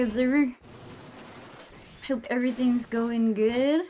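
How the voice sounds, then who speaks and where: A woman's voice: on the high side, expressive, unhurried, slight background noise. Sleepy young woman streamer, swearing casually. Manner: casual, swears often, chats to viewers. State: sleepy, yawning. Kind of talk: casual live-stream chat while gaming.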